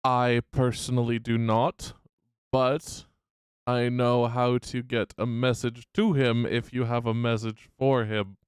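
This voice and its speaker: A man's voice: medium pitch, little pitch movement, takes it slowly, smooth, no room sound, clean studio sound. A man narrating a tabletop game as game master, playful and often laughing.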